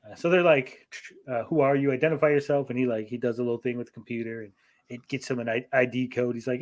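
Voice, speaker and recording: Man, podcast co-host, casual swearing recap, rambling, quick character voices, mid pitch. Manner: profane, rambling, acts out characters in quick asides.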